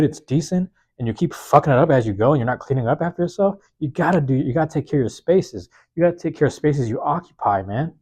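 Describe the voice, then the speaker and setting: Man, podcast host, mid-pitched, a little hoarse, casual slangy monologue, repeats himself for emphasis, phone mic, small university room. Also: warm tone. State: slightly hoarse. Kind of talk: solo motivational monologue. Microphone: plug-in microphone on a phone.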